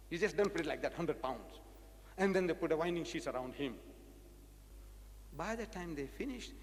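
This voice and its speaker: A South African man delivers a public lecture with a lively, high-pitched voice that leaps up and down. He is animated and rhetorical, hammering points home through repetition. The sound carries a long reverb from the hall. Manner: animated, rhetorical, repeats phrases for emphasis.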